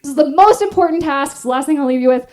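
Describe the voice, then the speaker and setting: Casting: a bright, high-pitched woman comic, animated, laughs through her own story on a live stage. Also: very fast. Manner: animated, laughing often, self-deprecating. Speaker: stand-up comedian. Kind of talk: stand-up storytelling.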